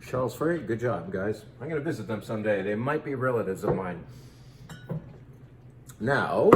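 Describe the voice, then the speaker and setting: A man's voice: fairly low pitch, expressive, normal speed, long pauses, roomy sound, background noise. A man in his fifties hosting a casual wine tasting, chatting playfully and joking about how to pronounce names. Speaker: wine shop host.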